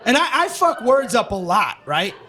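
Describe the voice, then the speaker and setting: A man's voice: extremely high pitch, sing-song, moderate pace, pushed and bright. A man performing a stand-up comedy set, ranting and swearing in a brash, profane way. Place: comedy stage with live audience. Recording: live audience noise.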